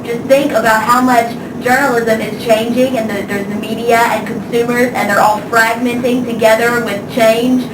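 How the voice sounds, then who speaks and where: A woman's voice: a little high, normal speed, hardly any pauses, lightly acted. A woman doing a smug, pompous male TV pundit. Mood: deadpan. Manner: deadpan mock-pompous, rambling. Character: smug male conservative TV pundit, middle-aged. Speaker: student playing an interview guest. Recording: echoey room from far off, noisy.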